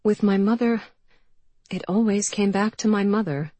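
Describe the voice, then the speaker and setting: Lady reading as an upset young woman, high and loud, husky edge, dry close sound. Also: normal speed, no room sound, lightly acted. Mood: anguished. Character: young woman, grieving, raw and agitated. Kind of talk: audiobook character voice.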